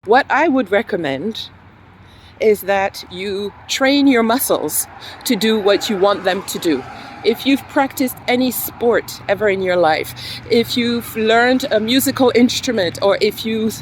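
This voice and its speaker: A woman English teacher giving a relaxed, chatty lesson, coaching her viewers with plenty of fillers, a French speaker. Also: medium pitch, a little hiss or hum, poor audio. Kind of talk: casual language lesson.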